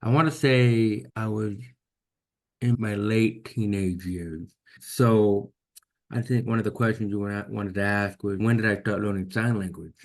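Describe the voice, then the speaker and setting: With a lowish voice, steady tone, and measured pace, a man with a deaf accent tells his story as an interview guest. He is earnest and reflective and tends to repeat words whenever he restarts.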